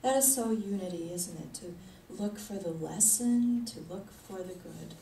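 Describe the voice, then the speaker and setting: Warm-voiced woman preaching in an echoey hall. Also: lowish voice, measured pace. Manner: conversational, chuckling often. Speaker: spiritual leader. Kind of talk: sermon. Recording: echoey hall, mic at a distance, faint noise.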